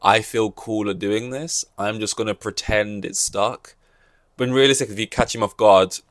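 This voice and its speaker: A man's voice: lowish voice, no echo, clean studio sound. A man hosting a solo podcast, rambling and joking through casual chat with many fillers and restarts. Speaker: podcast host.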